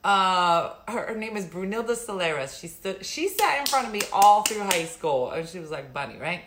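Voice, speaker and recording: A woman's voice: medium pitch, animated, normal speed, a bit bright, a little hiss or hum. A middle-aged woman hosting a live stream, chatting casually, rambling and laughing often. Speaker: livestream host.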